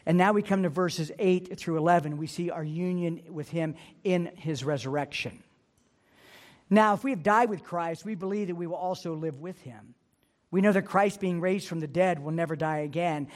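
A male pastor preaching a sermon, earnest and emphatic, repeating key phrases to drive a point home. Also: fairly high pitch.

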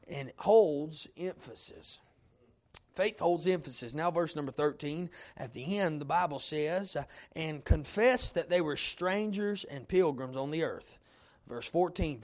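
A male preacher delivering a sermon, full of "uh" fillers and building to shouted points. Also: fairly high pitch. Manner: heavy "uh" fillers, rising to shouts.

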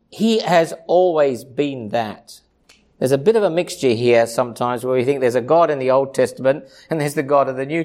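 Impassioned preacher man, higher voice. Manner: impassioned, swings from hushed low asides to high ringing emphasis; repetitive, rhythmic lists of phrases. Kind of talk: sermon.

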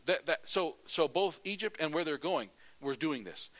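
A man preaching a sermon as pastor, telling stories in a lively way and reading scripture aloud. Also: a little high, normal speed, few pauses. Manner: animated storytelling, then plain scripture reading.

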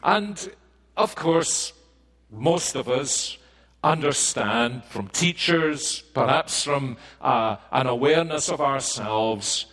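A Scottish man delivering a sermon at an unhurried, very slow pace. His voice sits at an ordinary pitch, and his delivery is measured and deliberate, with frequent pauses. He lifts his voice to stress key points. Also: expressive, fairly bright tone, poor audio. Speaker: preacher.

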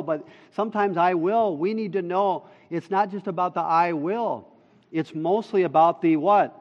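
A male pastor delivers a sermon in a slow, deliberate way, leaning hard on key words before sinking into hushed, drawn-out phrases. His voice sits a little high for a man. The sound is muffled and dull, with a long reverb trailing through a large hall. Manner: emphatic, rising to loud stresses then dropping low and slow.

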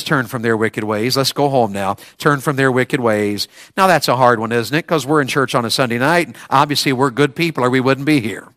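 A male preacher delivering a revival sermon, telling folksy stories with restarts and repeated questions that build to high shouted climaxes. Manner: folksy Southern storytelling with restarts.

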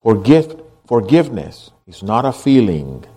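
A man preaching a sermon, swinging from hushed, low lines to loud, impassioned ones. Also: sing-song, measured pace, slightly rough, soft background music. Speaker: pastor.

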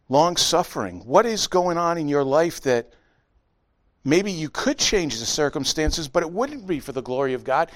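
A middle-aged man preaching a sermon as pastor, telling stories with lively impressions. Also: a little high, normal speed. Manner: animated storytelling with honking impressions.

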